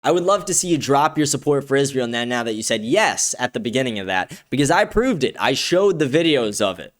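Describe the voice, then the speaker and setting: A man hosting a livestream, reading viewer comments with profane, combative ranting that turns excited when he is pleased. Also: medium pitch, a little fast. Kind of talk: casual streaming talk.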